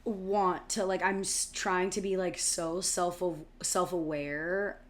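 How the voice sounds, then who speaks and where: An American woman co-hosting a podcast, chatting casually and telling animated stories, full of "like" fillers and casual swearing. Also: fairly low pitch, takes it slowly. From United States. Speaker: podcast co-host. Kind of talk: casual chat.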